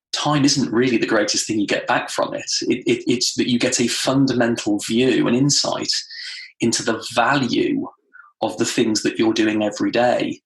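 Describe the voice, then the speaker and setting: A man, a guest trainer in a podcast interview, telling stories animatedly and acting out quotes. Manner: animated storytelling, acts out quotes with rising pitch. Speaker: guest, time management trainer. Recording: roomy echo.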